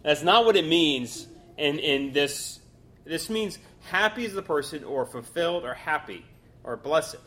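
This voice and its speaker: Middle-aged male Bible class teacher, slightly higher voice, casual and rambling delivery. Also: lively intonation, a little slow, sharp tone. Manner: loose, conversational, with fillers and restarts.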